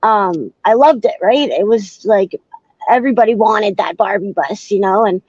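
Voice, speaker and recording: A woman in her thirties, a guest in an interview, recounting her past in a halting, searching way. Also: medium pitch, darkish tone, no room sound. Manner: hesitant, halting, searching for words. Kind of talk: personal storytelling in an interview. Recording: slightly dull, dry sound.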